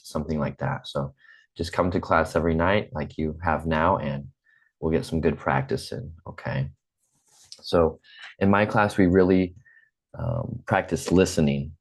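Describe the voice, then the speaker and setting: With a very deep voice and a General American accent, an American man in his forties teaches English online via video call. He speaks slowly and patiently into a computer mic, repeating himself.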